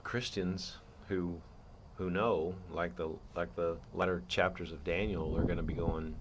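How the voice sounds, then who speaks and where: A man's voice: deep voice, fairly even intonation, measured pace, noisy background. A man hosting his own show, laying out a theory in an earnest, rambling monologue with many restarts. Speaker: podcast host.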